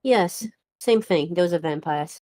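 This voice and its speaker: A woman's voice: lowish voice, a little slow, dark tone. A woman playing in a live tabletop game, talking bluntly and teasingly with the group. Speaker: player. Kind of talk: casual chat at a game table.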